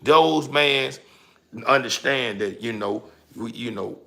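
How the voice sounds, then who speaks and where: A man's voice: medium pitch, slow, creaky, a bit bright. A man, delivering a heated, preachy monologue to his audience. He curses freely and stumbles over repeated words. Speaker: vlogger. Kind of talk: casual monologue.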